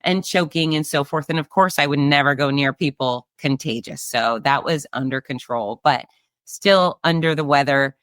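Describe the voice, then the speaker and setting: A middle-aged woman hosting a casual solo chat, upbeat and breezy, her voice nasal and hoarse. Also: low-pitched, moderate pace, fairly bright tone, dry recording, clean studio sound. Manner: chatty and upbeat, breezy asides. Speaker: race announcer and show host.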